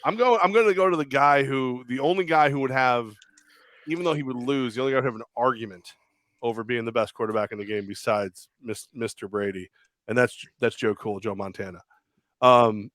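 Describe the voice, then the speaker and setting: A man's voice: mid-range voice, dry recording. A man co-hosting a casual sports talk show, telling stories with acted-out quotes. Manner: animated storyteller, acts out quotes. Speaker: podcast co-host.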